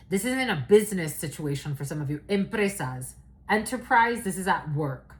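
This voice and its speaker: A woman's voice: mid-range voice, lively intonation, a little fast, low-quality recording. A woman giving a casual, rambling channeled reading, loose and profane, laughing often. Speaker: tarot reader.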